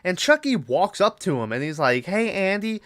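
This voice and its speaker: A man's voice: a little high, wildly swooping pitch, normal speed, fairly bright tone, no room sound, clean studio sound. A man hosting a podcast, casually retelling a movie plot in a rambling, profane way with lots of filler words. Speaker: podcast host.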